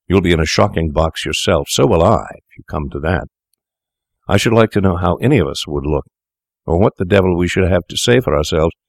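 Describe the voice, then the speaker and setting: A man's voice: deep voice, no room sound, clean studio sound. A man voicing a clever, unscrupulous young doctor who speaks coolly and sneers at scruples. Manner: cool, sneering, worldly.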